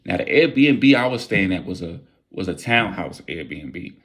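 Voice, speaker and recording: Animated young man telling a story. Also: low voice, measured pace. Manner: animated, profane street slang. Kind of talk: storytime vlog, casual storytelling.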